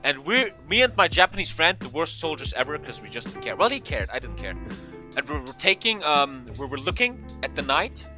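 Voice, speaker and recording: A young man telling a funny story in a casual, animated way, swearing often and acting out what people said. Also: on the high side, fairly quick, soft background music. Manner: animated, swearing, acts out quotes in a raised voice. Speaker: vlogger.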